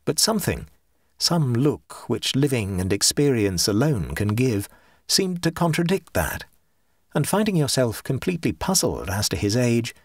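A husky-voiced man narrates a ghost story as an audiobook. His reading is measured, and his pitch moves freely through each sentence. The recording is dry and close, with no room sound. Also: no echo. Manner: measured, expressive reading that drops low for speech tags.

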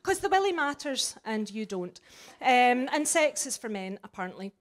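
A woman's voice: a little high, sing-song, normal speed. A Scottish woman performing a sweary, flippant stand-up comedy set live before an audience. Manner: brash, sweary and flippant, with big swings in loudness.

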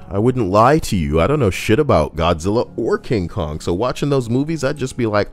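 A man's voice: lowish voice, very animated, fairly quick, hardly any pauses, soft background music. A man doing comedic commentary as a streamer reading online posts, crude and jokey, slipping into silly voices and singing.

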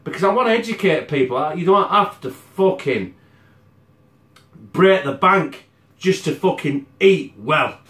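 A chatty man talks straight to camera in his kitchen, blunt and swearing nonstop. His voice sits a touch high and swings up and down a lot. The room around him sounds echoey. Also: lively intonation, a little slow, fairly bright tone. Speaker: home cooking channel host. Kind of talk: casual sweary to-camera chat.

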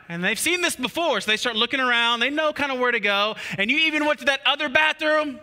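A man preaching a sermon as a pastor, animated and repetitive, with playful asides to the congregation. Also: very high voice, fairly quick. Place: church auditorium. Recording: long hall reverb.

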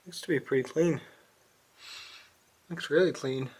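A man's voice: fairly high pitch, a little slow, a little mellow. Rambling New England man in a garage. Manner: rambling, profane, with many fillers. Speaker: small engine repair vlogger. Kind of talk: casual workshop chat.

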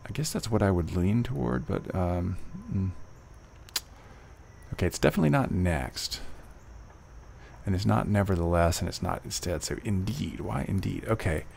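A man tutoring test prep, reading passages slowly and then reasoning aloud through each answer with fillers and restarts. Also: sits low, vocal fry, a little mellow, a little hiss or hum. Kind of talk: walkthrough of test questions, thinking aloud.

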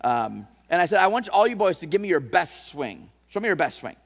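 A man preaching from the pulpit tells stories with restarts and repeated words, then builds to emphatic calls to his congregation. His voice sits fairly high for a man. A long reverb trails every phrase through the church hall. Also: big pitch swings, fairly quick. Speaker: pastor. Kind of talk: sermon.

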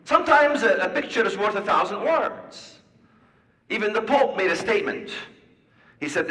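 Man, animated storyteller, bright voice, distant mic, echoing hall. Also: sits high, moderate pace, pauses often. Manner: animated storyteller acting out dialogue. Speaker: speaker giving a talk. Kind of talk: storytelling talk to an audience.

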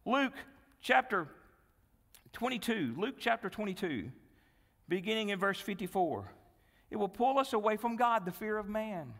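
Bright-voiced preacher with a hall echo. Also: male voice, high-pitched, big pitch swings, moderate pace, pauses often. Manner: dramatic storytelling, acting out Bible dialogue, dropping to hushed pleas. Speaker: pastor. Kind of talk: sermon. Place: church sanctuary.

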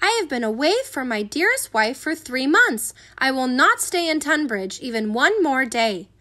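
A woman's voice: high-pitched, very animated, normal speed, pushed and bright, full character voice. A woman voicing a weary, self-important male tallyman who speaks in formal, proclaiming tones. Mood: indignant. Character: pompous weary man, a traveling census tallyman.

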